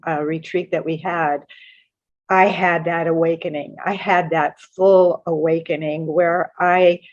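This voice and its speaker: An older woman with a lowish voice tells a personal story, earnest and halting, stumbling over and repeating words as she restarts. The recording sounds muffled and lo-fi. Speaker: guest author sharing a spiritual story.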